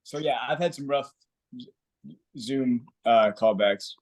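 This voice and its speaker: A male actor as a guest on a video call, talking casually and haltingly about his trouble with online auditions. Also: medium pitch, darkish tone. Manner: halting, self-deprecating. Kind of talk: casual chat.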